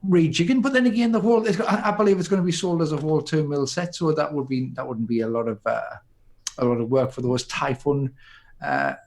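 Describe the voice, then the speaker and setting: A podcast co-host chats casually, his somewhat high, slightly mellow voice moving fast as he rambles and keeps restarting his sentences.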